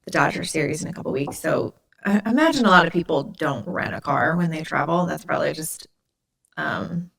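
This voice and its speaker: A woman's voice: sits low, lively intonation, brisk, creaky, fairly bright tone. A woman from Indiana hosting a podcast, telling stories in a casual, chatty way full of "like" fillers. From Indiana, USA. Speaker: podcast host. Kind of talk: casual storytelling chat.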